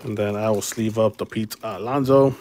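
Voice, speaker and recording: A man from the Chicago area runs a casual livestream card break, staying laid-back and friendly as he calls viewers "brother" and "man." His voice sits on the low side with a darkish tone, fairly even intonation, and normal speed.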